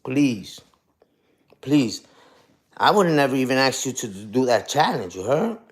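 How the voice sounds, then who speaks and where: A man's voice: mid-range voice, big pitch swings, a little slow. A young man ranting on a casual livestream, profane and combative, ending lines with "you heard?". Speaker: streamer.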